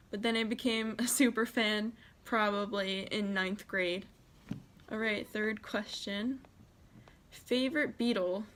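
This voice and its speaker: A woman's voice: medium pitch, a bit bright. American teen girl answering questions. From United States. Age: teens. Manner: reads each question aloud then answers casually. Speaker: vlogger. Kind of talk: casual Q&A tag video.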